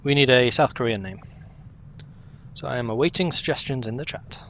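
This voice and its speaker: Speaking briskly in a medium-pitched, fairly bright voice, a young streamer comments casually on his game. The audio is dull with slight background noise, and he talks to himself and to chat alike.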